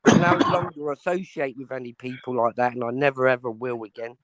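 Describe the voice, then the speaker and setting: A man's voice: mid-range voice, fairly even intonation, a little fast, fairly bright tone, no echo. A man hosting a livestream panel, defiant and challenging his critics to come on. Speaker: livestream host. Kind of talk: confrontational livestream talk.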